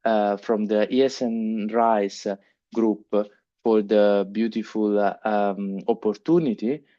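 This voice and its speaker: A middle-aged man with an Italian accent giving a keynote lecture, halting with frequent fillers and restarts. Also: lowish voice, steady tone, dark tone, highs cut off. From Italy. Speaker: keynote speaker. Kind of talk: conference lecture. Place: conference hall.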